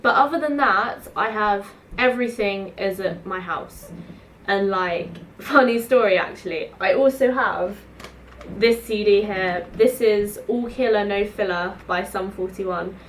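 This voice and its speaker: There's slight background noise as this South East London student vlogger, in her 20s, spins chatty, meandering tales to camera with plenty of "like." Her pitch is medium and her delivery unhurried.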